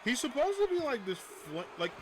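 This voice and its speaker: A man's voice: very high-pitched, big pitch swings, moderate pace, slight background noise. A man chatting casually on a livestream, ranting animatedly, swearing and laughing often.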